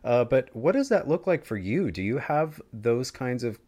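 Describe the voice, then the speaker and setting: A chatty American man hosts a podcast in a casual, rambling way, full of asides. His pitch sits in an ordinary middle range. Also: sing-song, normal speed, a little mellow. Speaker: podcast host. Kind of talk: casual interview chat.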